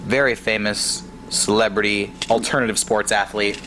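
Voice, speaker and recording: A man co-hosting a podcast from a hotel room, talking in a lively, joking way. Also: lowish voice, normal speed, slight background noise, rough recording. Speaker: podcast co-host. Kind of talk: casual chat.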